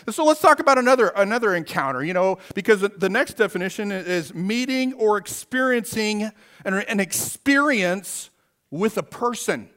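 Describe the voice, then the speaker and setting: A middle-aged man preaching a sermon, telling a personal story in an animated, storytelling way. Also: sits high, normal speed. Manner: animated storyteller, acts out his own shouts.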